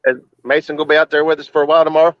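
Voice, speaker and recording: Man in car on phone mic, dull lo-fi audio, easygoing halting chat. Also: on the high side, flat delivery. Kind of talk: casual chat. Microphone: phone held to face in a car.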